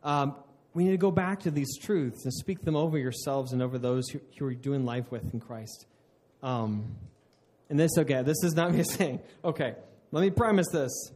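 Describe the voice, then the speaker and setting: A man's voice: a little high, normal speed, a little mellow. A man preaching a sermon in an earnest way, often restarting mid-phrase and laughing at himself. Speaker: pastor.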